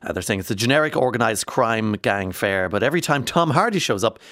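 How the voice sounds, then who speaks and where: A man's voice: medium pitch, expressive, a little fast, fairly bright tone, no echo, studio quality. A man presenting a radio show, chatting casually with frequent fillers.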